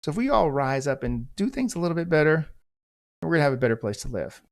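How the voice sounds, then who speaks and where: A very animated, fast-talking man with a fairly high pitch tells a story as a monologue. He's a middle-aged former police officer from the United States who hosts a podcast, and his delivery is blunt, intense, and profane.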